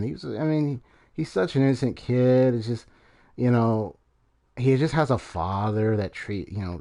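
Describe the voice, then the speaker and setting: A man's voice: fairly low pitch, darkish tone. Rambling male game streamer. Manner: rambling, lots of fillers and restarts. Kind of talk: casual game commentary.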